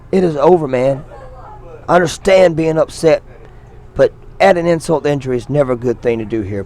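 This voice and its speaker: A man doing color commentary on an indie wrestling training show, joking around and ribbing the referee as he calls the moves. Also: medium pitch. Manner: jokey, excitable, ribbing the referee and crowd.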